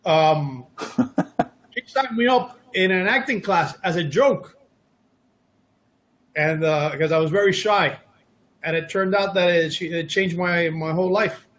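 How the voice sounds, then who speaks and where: A middle-aged man with a notably high speaking voice talks casually as an interview guest. He tells stories from his acting career in a loose, self-deprecating way and drops jokes at his own expense. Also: takes it slowly, pauses often, fairly bright tone. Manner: self-deprecating, joking storyteller. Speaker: actor guest.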